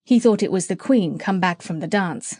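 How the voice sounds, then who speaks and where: A woman's voice: on the low side, animated, fairly quick, warm tone, no room sound. Woman, audiobook narrator, children's story, character voices, dry sound. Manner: reads aloud with character voices.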